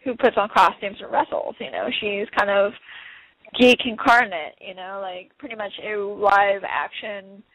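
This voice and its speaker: A woman's voice: mid-range voice, steady tone, a little slow, fairly bright tone, no echo, low-quality recording. A young woman in a casual interview, talking in a bubbly, quirky way and laughing often. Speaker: interview guest, wrestler. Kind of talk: casual chat.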